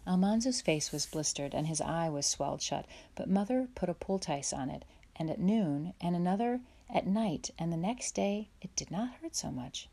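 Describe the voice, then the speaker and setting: A woman reading a children's chapter book aloud in a gentle, measured storytelling way. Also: on the low side, lively intonation, gravelly. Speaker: audiobook reader. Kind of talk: storybook read-aloud narration.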